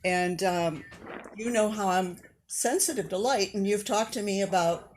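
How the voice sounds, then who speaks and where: A woman's voice: mid-range voice, unhurried, darkish tone, a little hiss or hum, rough recording. A woman co-hosting a show, chatting casually and playfully, with light laughs. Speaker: co-host. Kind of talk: casual chat.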